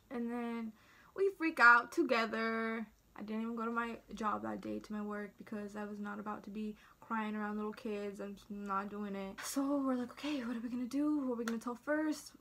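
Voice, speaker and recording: A teenage girl vlogs a casual storytime in a fairly high, bright, forceful voice. She's chatty and dramatic, acting out each quote as she relays what everyone said.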